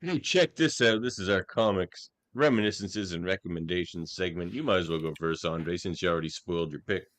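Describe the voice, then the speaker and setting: Male co-host, very low voice, wry offhand banter. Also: fairly quick, few pauses, no room sound. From Nova Scotia, Canada. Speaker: podcast co-host. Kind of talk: casual chat.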